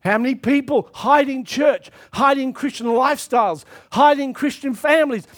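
A man preaching a sermon to his church, reading scripture and pushing into shouted calls to action. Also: extremely high pitch, moderate pace. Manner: impassioned preaching that swells into shouted exhortations.

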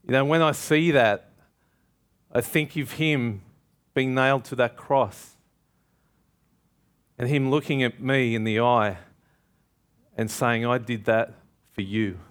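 A man's voice: mid-range voice, slow pace, long pauses, fairly bright tone, clear, resonant tone. A man preaching a sermon, emphatic and calling out questions to the congregation.

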